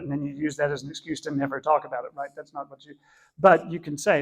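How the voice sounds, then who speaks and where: A man's voice: fairly high pitch, flat delivery, fast talker, creaky, slightly rough. A man teaching an adult church class in a conversational way, earnestly repeating and rephrasing as he explains.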